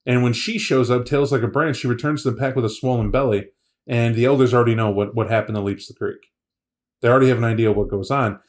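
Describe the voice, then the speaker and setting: A man's voice: mid-range voice, fairly even intonation, fast. A man co-hosting a podcast in casual chat, retelling a story with laughter and acted-out quotes. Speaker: podcast co-host.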